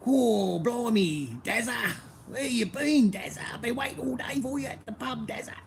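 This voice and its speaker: A man putting on a rough Australian bogan at the pub, with a broad Australian accent, loud and drawling. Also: extremely high pitch, normal speed, a little hiss or hum, pitched above the performer's own voice. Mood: mock-calling.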